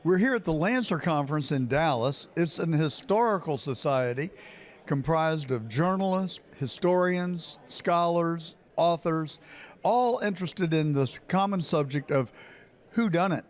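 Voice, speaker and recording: Man presenter on location, fairly high voice, asks leading questions. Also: animated, unhurried. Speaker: host and interviewer. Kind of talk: on-location interview. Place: hotel conference in a city.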